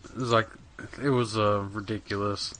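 Young male podcast co-host, bright tone, rambling and profane. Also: lowish voice, steady tone, moderate pace, slight background noise. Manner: rambling, profane, many fillers. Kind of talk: casual gaming chat.

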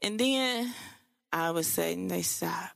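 Young woman, solo podcast host; casual, profane, slangy delivery, low gravelly voice. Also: unhurried, fairly bright tone, dry recording, studio quality. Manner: loose, profane and chatty, with slang and fillers.

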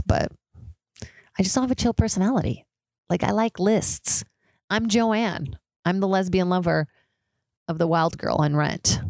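A woman's voice: low voice, vocal fry, darkish tone, no echo. A young woman hosting a solo podcast, rambling and profane, with many "like" fillers. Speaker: podcast host. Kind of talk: casual solo podcast monologue. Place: high-rise apartment with street sirens outside.

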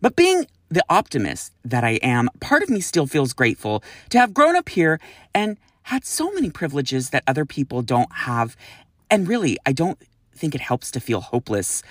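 A woman's voice: a bass voice, big pitch swings, moderate pace, no echo, studio quality. A woman hosting a podcast, reading listener messages in a blunt, casual way, swearing freely and sighing in exasperation. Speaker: podcast host.

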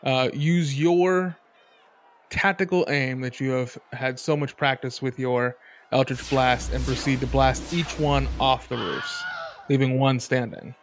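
Man, game master, tabletop game narration, casual, mid-pitched. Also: steady tone, background noise. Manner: casual, unhurried narration with fillers.

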